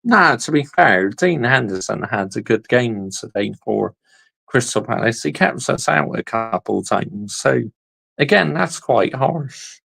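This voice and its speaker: Male football reactor, husky fry-heavy voice, unhurried, blunt and slangy. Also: medium pitch, lively intonation, fairly bright tone, rough recording. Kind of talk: casual reaction commentary.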